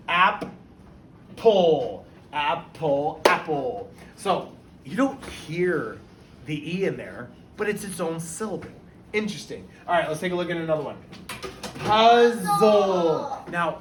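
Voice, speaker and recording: A male teacher giving a phonics lesson in an upbeat way, drawing out words so each syllable is clear. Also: a little high, a bit bright. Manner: upbeat, stretches out and stresses words. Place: classroom. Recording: roomy and distant with faint hiss.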